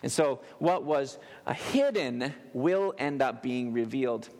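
A man preaching a sermon as a pastor, animated and joking with the congregation in a church. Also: medium pitch, a little slow. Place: church sanctuary. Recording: long hall reverb.

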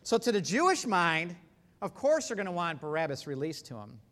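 A man delivers a sermon with a high, lively voice that rises and falls sharply. His preaching is emphatic and animated, and the volume swings widely from quiet asides to loud peaks. The sound carries a long hall reverb. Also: moderate pace.

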